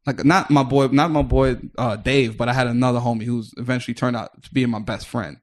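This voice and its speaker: A male comedian from the Bronx talking on a podcast. He rambles through his story with plenty of restarts and casual swearing, and slips into other people's voices as he quotes them. His pitch sits in an ordinary middle range. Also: a little fast, hardly any pauses, a little mellow. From New York, the Bronx.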